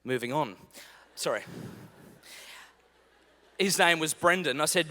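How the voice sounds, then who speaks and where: A fairly high-pitched man in his thirties speaks slowly through slight background noise while giving a comic storytelling keynote, acting out dialogue with animation. He's in a large conference hall, and the big space lends a long reverb.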